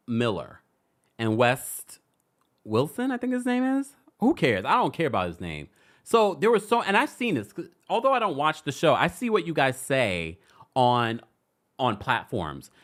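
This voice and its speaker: A woman hosting a live-stream celebrity gossip recap, hoarse, chatty and laughing often, stopping and restarting her sentences. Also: very deep voice. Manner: animated, laughing, self-interrupting.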